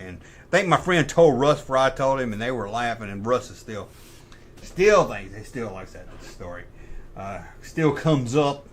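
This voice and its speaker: A middle-aged man hosting a live stream, casually telling rambling, profane anecdotes and correcting himself as he goes. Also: mid-range voice. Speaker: livestream host.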